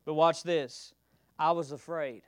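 A man preaching a sermon, reading scripture aloud and expounding it, calling on the congregation to respond and swinging between loud declaiming and soft asides. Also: a little high, steady tone, unhurried, no room sound, clean studio sound.

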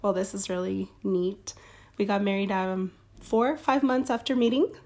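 A woman's voice: mid-range voice, steady tone, normal speed, a little mellow. A woman in her thirties, a guest on a casual podcast, easygoing and laughing along. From California. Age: 30s.

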